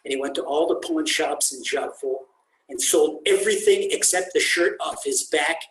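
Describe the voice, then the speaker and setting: A man, a rabbi, teaching a lesson as an animated storytelling sermon and acting out the dialogue. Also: a little high, moderate pace. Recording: echoey room.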